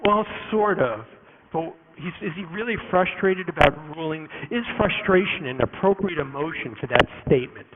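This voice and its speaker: A man giving a live conference talk to an audience, animated and jokey, with quick asides and many restarts. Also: fairly high pitch, narrow, tinny audio. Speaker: conference speaker. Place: conference room before an audience.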